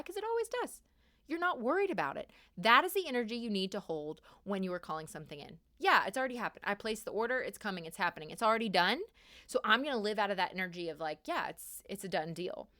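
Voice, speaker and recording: Animated woman podcast host, emphatic. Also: mid-range voice. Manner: animated, emphatic, repeats key words. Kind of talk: casual spiritual advice monologue.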